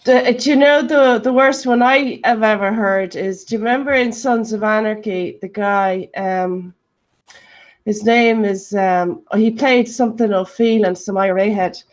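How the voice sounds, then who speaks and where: A woman's voice: mid-range voice, unhurried. Chatty Irish woman on a panel. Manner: chatty, searches for names, laughs often. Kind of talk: casual panel chat.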